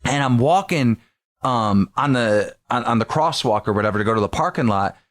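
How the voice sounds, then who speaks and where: A man co-hosting a podcast, telling stories in an animated, profane way and acting out what people said. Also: mid-range voice, normal speed. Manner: animated, profane storytelling with acted-out quotes. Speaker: podcast co-host. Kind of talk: casual podcast chat.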